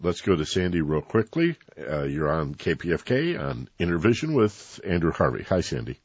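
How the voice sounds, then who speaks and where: A man hosting a radio call-in show, brisk and moving the calls along. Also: low voice, big pitch swings, husky, no echo. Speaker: radio host. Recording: muffled radio broadcast.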